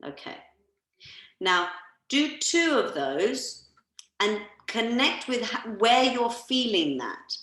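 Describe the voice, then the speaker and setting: A woman massage therapist leading a workshop, calmly coaching listeners through guided breathing on a video call. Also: on the high side, slow pace, roomy sound, rough recording.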